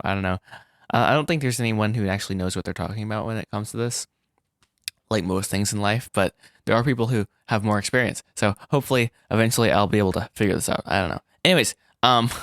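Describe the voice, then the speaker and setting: A man vlogging about making his animated film, rambling and self-deprecating, with frequent restarts and little laughs. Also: lowish voice, dry recording, clean studio sound. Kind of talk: casual solo vlog.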